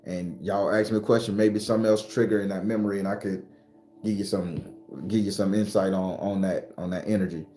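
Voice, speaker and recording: A man's voice: low voice, fairly even intonation, fairly quick, warm tone. A man hosting a casual live stream, talking loosely and profanely to his viewers. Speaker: spiritual live-stream host. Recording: roomy echo, faint music behind.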